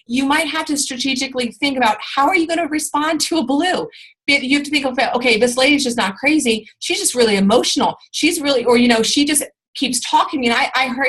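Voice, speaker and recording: A woman's voice: high-pitched, fairly bright tone, husky, rough recording. A woman giving an informal training talk to her sales team, rambling along with lots of fillers and restarts.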